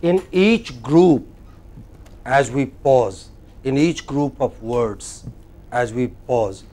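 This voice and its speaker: A man with an Indian English accent teaching a classroom lecture, slow and deliberate, often putting questions to the class. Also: mid-range voice, warm tone.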